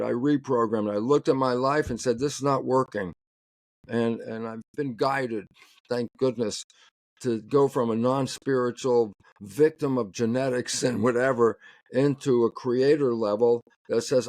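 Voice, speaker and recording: Here the biologist guest sounds medium-pitched and steady, a little slow, with a darkish tone in clean studio audio free of room sound. His animated interview talk is emphatic, punctuated by laughter mid-sentence, and he acts out both voices in the dialogues he describes.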